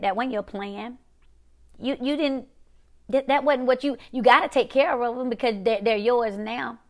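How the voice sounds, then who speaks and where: A woman preaching, emphatic and repetitive, dropping to quiet one-word punches. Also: a little high. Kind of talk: prophetic preaching to a viewing audience.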